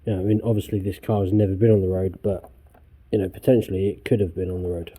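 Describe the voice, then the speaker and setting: A man's voice: low voice, steady tone, quick pace, warm tone. A man restoring a car in his workshop vlog, ranting angrily with heavy swearing. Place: garage workshop.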